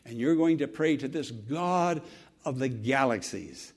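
Animated, earnest male preacher. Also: medium pitch, a little slow. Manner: earnest, rising to fervent emphasis then dropping soft; repeats words and restarts, conversational preaching. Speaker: pastor. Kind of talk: sermon.

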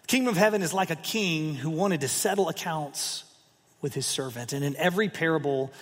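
A man preaching a sermon, retelling a parable with emphatic asides and lively storytelling. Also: a little high, in a large hall. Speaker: pastor.

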